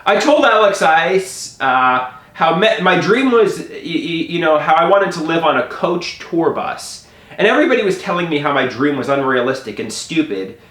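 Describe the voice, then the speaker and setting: A man telling a personal story to the camera in an animated way, often stammering and restarting his sentences. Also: on the high side, moderate pace, roomy sound.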